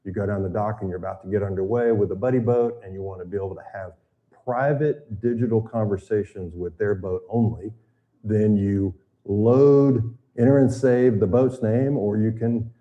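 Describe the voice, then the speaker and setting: At a boating safety seminar, an older man from the United States addresses the audience in a conversational way full of fillers. He has a lowish voice and a moderate pace, and the recording's highs are cut off.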